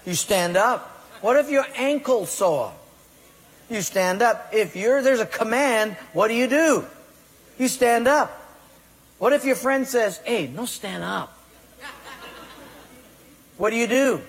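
This pastor's voice is very high-pitched and expressive, and he keeps a measured pace. He preaches emphatically in a large, reverberant hall, occasionally acting out the excuses of his listeners.

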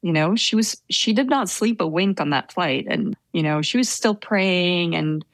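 Young woman, low creaky voice, dry sound. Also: expressive, moderate pace, no echo. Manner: hesitant, self-deprecating, laughs often. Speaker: guest telling a story. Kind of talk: casual storytelling.

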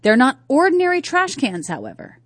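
A woman's voice: high voice, wildly swooping pitch, brisk, a bit bright, no room sound. A woman from North Carolina hosting a talk radio show, chatting casually and asking her listeners rhetorical questions. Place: radio studio. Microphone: studio microphone.

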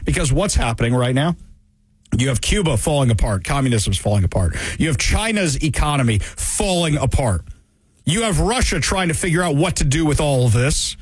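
A man's voice: a little high, lively intonation, moderate pace, breathy edge, no echo. A man hosting a political commentary show, delivering an emphatic opinion monologue full of rhetorical questions. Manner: emphatic, rhetorical questions, mocking quoted voices.

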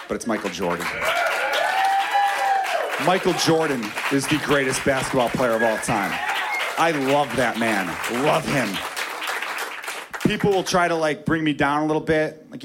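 A man from Chicago performing a stand-up comedy set, profane and excitable, building into shouted rants. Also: medium pitch. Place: comedy club stage. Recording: live club recording with loud crowd and noise.

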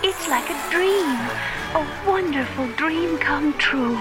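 A woman voicing a kindly, bustling elderly fairy godmother from a classic animated film, fluttery and motherly. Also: high voice, slow pace, music in the background, poor audio.

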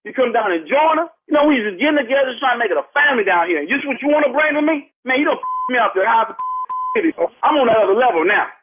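A man's voice: very high voice, animated, very fast. A man arguing heatedly over the phone as the target of a prank call, repeating himself and calling everyone "man". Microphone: telephone. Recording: tinny phone line.

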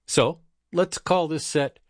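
A man's voice: a little high, takes it slowly, no room sound, clean studio sound. A man hosting a radio record show, telling a wry personal story in a conversational way. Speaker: radio host. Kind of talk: storytelling monologue.

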